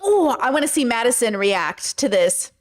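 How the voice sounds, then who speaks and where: A high-pitched woman from the Bronx, hosting a reaction podcast. She talks in a heated, exasperated rush of slang and keeps calling her listeners bros and girl. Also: big pitch swings, normal speed. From the Bronx, New York. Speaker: podcast host. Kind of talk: reaction commentary.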